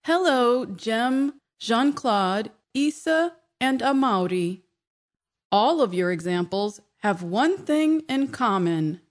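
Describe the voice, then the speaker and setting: A woman hosting a scripted English lesson, reading with careful, clear stress and pausing for example sentences. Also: a little high, lively intonation. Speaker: English teacher and show host. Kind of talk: slow scripted language lesson.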